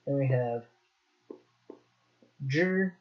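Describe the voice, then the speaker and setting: A man teaching Mandarin pronunciation in a slow, demonstrative way, repeating each sound. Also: medium pitch, muffled recording. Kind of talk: pronunciation lesson.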